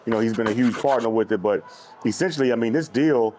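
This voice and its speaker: A man's voice: mid-range voice, fast talker, a little mellow, a little hiss or hum. A man telling a business story in casual dinner conversation at a restaurant table, loose and full of fillers. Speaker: brand co-founder.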